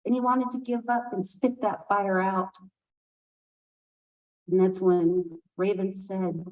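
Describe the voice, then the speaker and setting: Slow, expressive woman storyteller. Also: mid-range voice, recorded from a distance, low-quality recording. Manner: unhurried, expressive storytelling with asides. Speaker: storyteller speaking at a conference. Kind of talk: oral storytelling of a folk tale.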